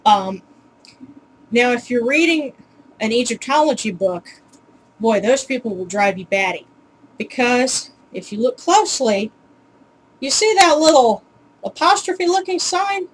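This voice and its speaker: Chatty woman with a high-ish voice. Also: expressive, measured pace, pauses often, rough recording. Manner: chatty, with many ums and uhs; wry, mildly exasperated asides. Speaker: video host teaching pronunciation. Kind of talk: casual home tutorial.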